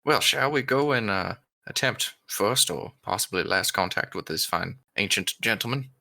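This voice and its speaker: Man, tabletop player, lower voice, sharp bright tone, wry jokes. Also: normal speed, vocal fry. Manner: joking, wry. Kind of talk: tabletop role-play chat.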